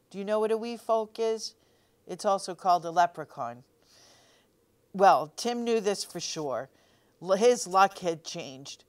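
A woman reads a picture book aloud for children, her voice low-pitched and smooth. She stays gently expressive and now and then asks her young listeners a question. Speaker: storytime reader.

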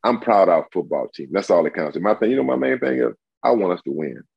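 A man's voice: deep voice, big pitch swings, fast talker, creaky, breathy edge, dry recording. A man in his sixties, a guest in an interview, speaking emphatically and often repeating himself. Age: 60s. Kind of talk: casual interview talk. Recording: dull lo-fi audio.

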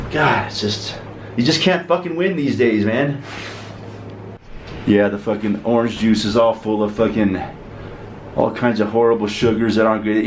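A middle-aged man with the flu and a sore throat, rambling and complaining in a profane casual monologue to camera. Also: medium pitch. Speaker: vlogger. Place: cold room with frozen windows. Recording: roomy echo with faint noise.

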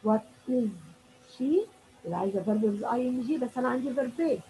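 A woman's voice: fairly high pitch, very fast, warm tone, slight background noise, low-quality recording. A woman with an Egyptian accent teaching an exam review lesson. She reads test items aloud, explains them, and praises imagined students. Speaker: English teacher.

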